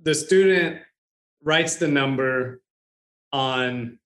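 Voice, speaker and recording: A man's voice: mid-range voice, drawn-out words, a bit bright. A man hosting a podcast interview, answering his guest with short affirmations and follow-up questions. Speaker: podcast host. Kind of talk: casual interview. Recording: roomy echo.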